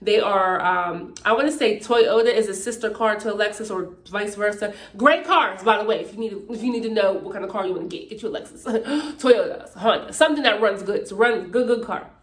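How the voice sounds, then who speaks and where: A woman's voice: mid-range voice, brisk, hardly any pauses. Chatty woman in an echoey room. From Pittsburgh, Pennsylvania, USA. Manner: chatty, emphatic, checks in with "okay?". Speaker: YouTuber. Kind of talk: casual faith testimony vlog.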